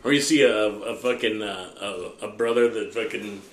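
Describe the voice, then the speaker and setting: A man co-hosting a comedy podcast, swearing often in casual banter and reacting with loud disbelief. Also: on the low side, fairly even intonation, moderate pace, a little hiss or hum. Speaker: podcast co-host. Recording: echoey room.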